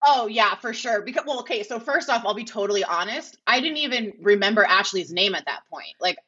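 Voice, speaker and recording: A woman's voice: mid-range voice, animated, a little fast, bright, forceful tone, breathy edge, dull audio. A woman guest telling a story casually, rambling with many filler words and acting out the conversations she had. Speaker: podcast guest.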